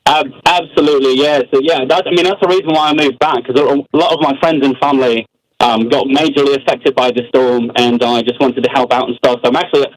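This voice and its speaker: A man's voice: medium pitch, steady tone, fast talker, no room sound, low-quality recording. A man in his late twenties with an English accent calling a radio show, hesitant and friendly with many ums. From England. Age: 20s. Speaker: caller. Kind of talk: phone-in call.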